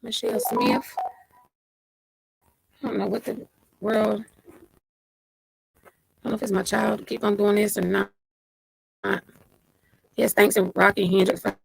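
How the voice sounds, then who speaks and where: A woman's voice: mid-range voice, creaky, slightly rough, low-quality recording. A woman hosting a casual livestream, reading out viewer comments and greeting them by name. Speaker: livestream host.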